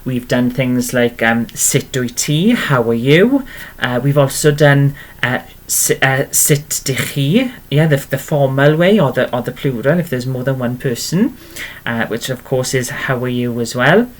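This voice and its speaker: This Welsh language tutor leads a beginner lesson in a medium-pitched, animated voice at a measured pace. He stays patient and encouraging, frequently checking in with "okay?".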